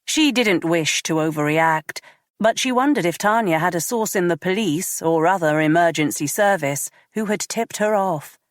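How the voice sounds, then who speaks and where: Low-voiced woman reading an audiobook. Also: moderate pace, no echo, studio quality. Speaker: audiobook narrator. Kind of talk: scripted audiobook narration.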